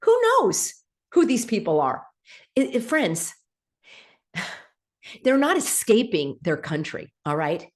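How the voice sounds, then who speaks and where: Woman host, lively swooping pitch, emphatic sarcastic rant, rhetorical questions. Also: a little slow. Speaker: show host. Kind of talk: direct-to-camera rant.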